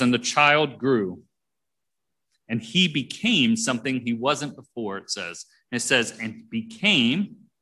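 A man's voice: mid-range voice, a bit bright. Man preaching through scripture verses. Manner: reads verses aloud and comments between them, plain and conversational. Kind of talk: sermon with scripture reading.

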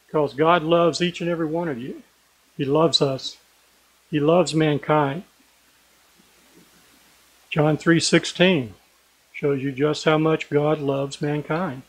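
Earnest male preacher, slightly high voice. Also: steady tone, breathy edge, poor audio. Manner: earnest, slows and stresses key words. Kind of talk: sermon.

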